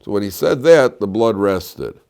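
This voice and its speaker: A middle-aged rabbi giving a lively classroom lecture, telling stories and quizzing his students. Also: unhurried, vocal fry, clear, resonant tone. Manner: animated storyteller, swings between loud emphatic peaks and low asides, quizzes students.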